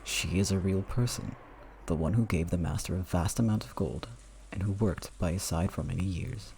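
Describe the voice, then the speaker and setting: A man's voice: sits low, gravelly, darkish tone, a little hiss or hum. A man playing a grave old butler. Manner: measured, formal. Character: elderly male butler, formal and grave.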